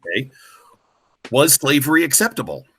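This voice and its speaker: Lively young man explaining with bright energy. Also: medium pitch, moderate pace, vocal fry, husky. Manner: patient, prompting with questions. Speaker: student tutor. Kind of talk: explaining a history essay question.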